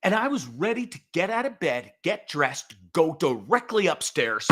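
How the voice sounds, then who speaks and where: A man hosting his own show, telling a story in a profane, animated rant with sudden loud outbursts. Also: on the high side, normal speed, hardly any pauses. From Canada. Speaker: podcast host. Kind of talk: casual ranting monologue.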